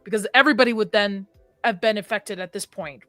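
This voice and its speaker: A woman's voice: mid-range voice, fast talker, fairly bright tone, no room sound. A woman hosting a casual live discussion stream, chatty and reading viewer comments aloud. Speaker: livestream host.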